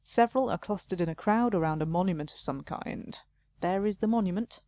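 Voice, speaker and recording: A woman's voice: medium pitch, brisk, a little mellow. A woman playing a game, chatting casually and reading the game text aloud, often laughing at herself. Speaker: let's play host.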